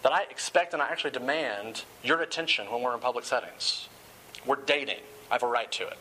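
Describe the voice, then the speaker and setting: A man's voice: medium pitch, fairly quick, pushed and bright, a little hiss or hum, poor audio. A man giving a sermon-style talk, often repeating words as he starts phrases.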